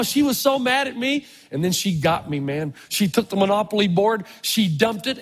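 A man delivers a sermon in a very high, husky voice, stretching words out for emphasis as he tells stories. His voice rings with the long reverb of a large church hall. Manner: animated, drawn-out emphatic delivery. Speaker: preacher. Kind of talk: sermon with storytelling.

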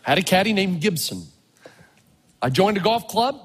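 A male pastor preaching a storytelling sermon, animated, swinging from low murmurs to loud exclamations, with a husky voice. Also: normal speed. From Tennessee. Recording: long reverb of a large hall.

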